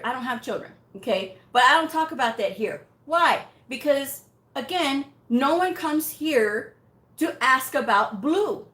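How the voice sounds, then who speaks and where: A woman's voice: fairly high pitch, fairly bright tone. A woman hosting a medical coding channel, telling a story bluntly and directly. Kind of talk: casual talking-head rant. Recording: echoey room sound.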